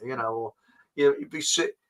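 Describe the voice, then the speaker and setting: A man's voice: medium pitch, fairly quick, fairly bright tone, poor audio. A middle-aged man hosting a casual live chat show, reading out viewer comments in a jokey, rambling way. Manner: jokey and rambling, with frequent fillers.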